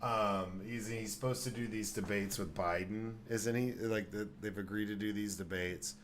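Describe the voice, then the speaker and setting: A man from Dallas hosts a casual podcast in a lowish voice, rambling through his points with frequent restarts and swearing. A faint hiss sits under the recording. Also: fairly even intonation, normal speed, fairly bright tone. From Dallas, Texas. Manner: rambling, profane, restarts often. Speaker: podcast host. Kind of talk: casual chat.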